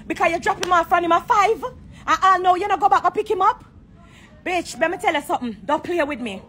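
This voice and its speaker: A Jamaican woman in her forties goes live on her phone from a corner of an airport, venting in heated, profane patois. Her voice sits high, and a faint hum of background noise runs under it. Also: a little fast, sharp tone. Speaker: celebrity going live. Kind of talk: phone livestream rant.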